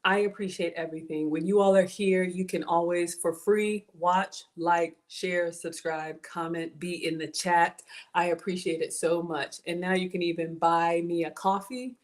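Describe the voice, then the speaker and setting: A woman's voice: fairly low pitch, steady tone, moderate pace. Chatty woman in her forties with a mild Southern drawl. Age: 40s. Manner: chatty, thanks viewers, addresses chat as y'all. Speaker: home cook livestream host. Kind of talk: casual livestream chat while cooking.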